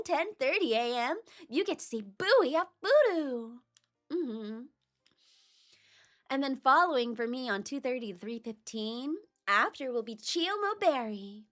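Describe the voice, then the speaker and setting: A woman's voice: a little high, animated, moderate pace, fairly bright tone. A woman streamer chatting casually on a livestream, talking to herself as she searches for files. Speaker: VTuber streamer.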